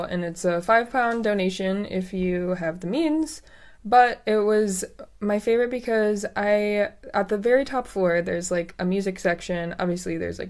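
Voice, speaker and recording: A woman's voice: fairly low pitch, a little mellow. A woman co-hosting a travel podcast, chatting in an upbeat, rambling way as she shares tips. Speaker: podcast co-host. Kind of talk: casual chat.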